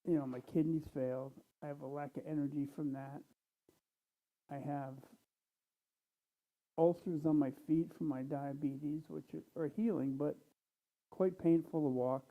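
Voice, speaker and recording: Man, tired, plainspoken, pausing often; thin phone-like sound. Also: a little high, steady tone. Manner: unhurried, plainspoken, with many pauses and ums. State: tired, low energy. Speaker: church speaker. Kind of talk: casual talk to a congregation.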